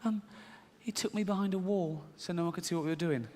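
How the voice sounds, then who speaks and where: A man doing a halting little girl. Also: high-pitched, a little mellow, slight background noise, pitched above the performer's own voice, lightly acted. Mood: hesitant. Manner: hesitant, halting.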